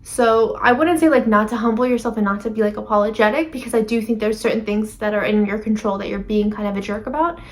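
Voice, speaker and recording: A woman's voice: medium pitch, quick pace, few pauses. A woman giving a casual tarot reading to camera, rambling with lots of fillers and self-corrections. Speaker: tarot reader.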